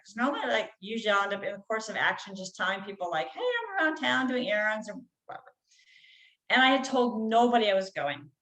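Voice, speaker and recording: A woman's voice: mid-range voice, a bit bright, reverberant, poor audio. A woman, a healer guest on a podcast, telling a personal story in a casual, chatty way with many "like" and "you know" fillers.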